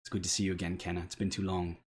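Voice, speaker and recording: A man's voice: low-pitched, level tone, very fast, slight background noise, voice pushed down, close to an everyday voice. A man voicing a wry, easygoing half-elf male cleric king in a tabletop game.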